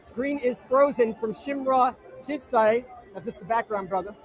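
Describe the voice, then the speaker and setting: High-voiced brash man hosting a live stream. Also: normal speed, faint music behind. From New Jersey. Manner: brash, crude joking shout-outs. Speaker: livestream host. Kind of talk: live-stream chat reading viewer comments. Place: inside an arena.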